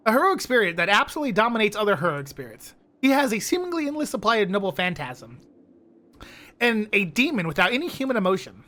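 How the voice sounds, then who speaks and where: A woman's voice: mid-range voice, sing-song, fast, fairly bright tone. A woman reading as an earnest teenage boy hero. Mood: thoughtful. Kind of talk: reading a visual novel aloud.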